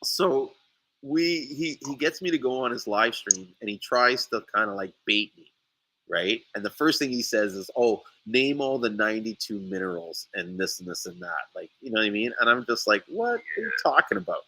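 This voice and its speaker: Guy ranting about a feud, bright voice, swears a lot, keeps restarting sentences. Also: on the low side, moderate pace, poor audio. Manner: animated storytelling, swears often, many restarts. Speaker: sea moss seller. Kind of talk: casual podcast chat. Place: St. Lucia.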